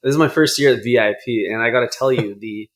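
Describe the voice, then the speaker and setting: A man's voice: medium pitch, fast. A young man co-hosting a podcast, chatting casually with dry, jokey asides. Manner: laid-back, dry jokey delivery. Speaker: podcast co-host. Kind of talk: casual chat.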